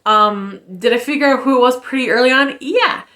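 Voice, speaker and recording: A woman's voice: high-pitched, brisk, pushed and bright. A woman in her thirties ranting casually in a book review, blunt and sarcastic, swearing freely with lots of fillers.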